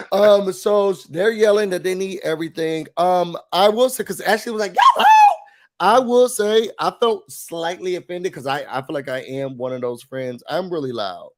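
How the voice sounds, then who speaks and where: High-voiced man, nasal from a cold. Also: measured pace. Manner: animated, acts out quotes with big shouts. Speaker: podcast co-host. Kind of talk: casual recap chat.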